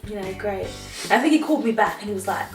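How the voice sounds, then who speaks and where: A woman's voice: medium pitch, lively intonation, fast talker. A woman telling a story casually as a vlog co-host, chatty and acting out the voices of the people in it. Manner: chatty, acts out quoted voices. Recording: roomy, distant mic, music behind.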